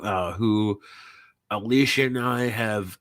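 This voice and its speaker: A man hosting a podcast in a loose, rambling way, filling gaps with "uh" and dropping swear words. His voice is bright and forceful on a somewhat low pitch, recorded dry and close. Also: slow pace, no echo. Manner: rambling, profane, full of fillers. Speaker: podcast host. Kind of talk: casual live-streamed farewell talk.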